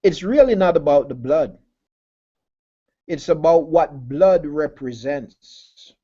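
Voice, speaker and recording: A man's voice: fairly high pitch, lively intonation, slow pace, dark tone, slightly rough, muffled recording. A man preaching a sermon who repeats key phrases, asks his listeners rhetorical questions and calls them family.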